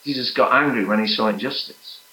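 A man's voice: mid-range voice, fairly quick. Earnest male preacher in echoey hall. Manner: earnest, rising to emphatic peaks then dropping to soft prayer. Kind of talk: sermon.

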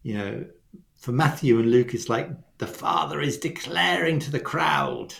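A man's voice: medium pitch, lively intonation, unhurried, creaky, fairly bright tone. A man co-hosting a faith webcast, explaining scripture and acting out quoted lines with expression. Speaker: webcast co-host. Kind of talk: teaching faith conversation.

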